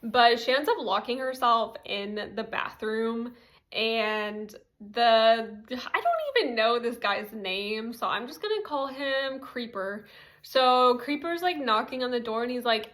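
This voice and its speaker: A woman's voice: fairly high pitch, expressive, measured pace, fairly bright tone. A young woman giving a casual TV episode recap, chatty and full of "like" fillers with giggly asides. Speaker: TV recap commentator.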